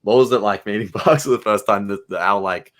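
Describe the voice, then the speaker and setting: A man's voice: lowish voice, a little fast. A man co-hosting a fan podcast, chatting casually and enthusiastically with many fillers. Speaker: podcast co-host.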